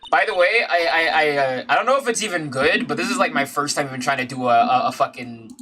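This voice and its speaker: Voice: medium pitch, lively intonation, fast, pushed and bright, a little hiss or hum. Casual sweary game streamer. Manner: self-deprecating, sweary, laughs. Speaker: streamer playing a visual novel. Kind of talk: casual commentary.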